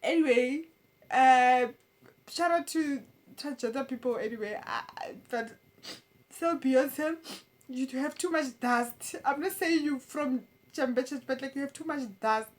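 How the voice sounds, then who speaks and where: A woman's voice: high voice, a little slow. A young woman delivering a stand-up roast, teasing with stammered restarts and laughing at her own jokes. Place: comedy roast stage.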